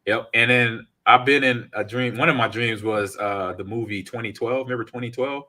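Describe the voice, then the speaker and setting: A man hosts a casual gaming podcast with a bright, forward voice. He tells stories in an animated way and reads chat comments aloud. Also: mid-range voice, normal speed. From United States. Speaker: podcast host.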